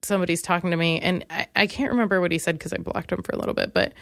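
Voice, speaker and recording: A woman's voice: on the low side, rapid-fire, gravelly, dry recording, studio quality. A young woman hosting a podcast, telling a comic story and acting out the other voices. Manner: animated, acts out voices in quotes, laughs often. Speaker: podcast host. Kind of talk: comedic storytelling monologue.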